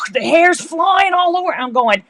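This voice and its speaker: A woman hosting a live sewing stream, telling stories in a chatty, animated way and laughing often. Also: fairly high pitch, unhurried. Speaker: livestream host, quilter. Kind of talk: casual live-stream chat.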